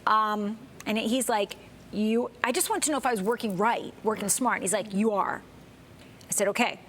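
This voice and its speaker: A woman guest co-host telling a personal story on a talk show, animated and acting out the people in it. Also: mid-range voice, moderate pace, slight background noise.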